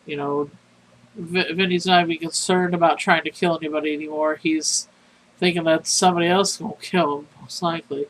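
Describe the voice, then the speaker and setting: A sleepy player casually recapping a tabletop horror game, rambling and halting. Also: medium pitch, fairly even intonation, rough recording. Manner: rambling, halting, filler-heavy.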